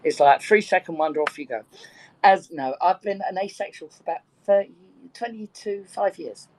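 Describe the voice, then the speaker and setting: A woman's voice: fairly low pitch, lively intonation, moderate pace, a little mellow, low-quality recording. A woman in her sixties from Birkenhead with a London accent, telling bawdy stories and laughing often in a casual group chat. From Birkenhead, England. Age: 60s. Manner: bawdy, chatty storyteller who laughs often.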